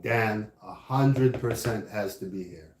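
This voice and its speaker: A man's voice: lowish voice, slow, darkish tone. A man leading a religious study class. He keeps checking in with his listeners by asking "right?". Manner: frequently asks "right?". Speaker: class teacher. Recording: echoey room.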